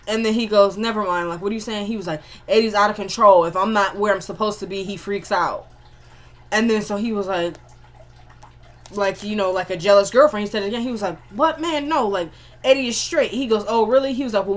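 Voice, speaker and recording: A woman's voice: mid-range voice, a bit bright. A woman giving a casual spoken recap of a TV episode, acting out the characters' lines in quotes and adding asides to her viewers. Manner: chatty retelling that acts out the characters' dialogue in quotes; frequent filler "like" and running asides to viewers.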